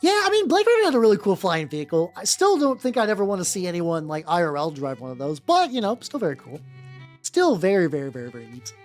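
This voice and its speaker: Woman, VTuber streamer, casual rambling chat, lots of fillers and restarts, nerdy voice, lowish pitch, very lively intonation, soft music behind. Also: quick pace. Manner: rambling, full of fillers and self-interruptions; self-described nerdy voice. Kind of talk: casual live-stream chat while painting miniatures. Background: faint background music.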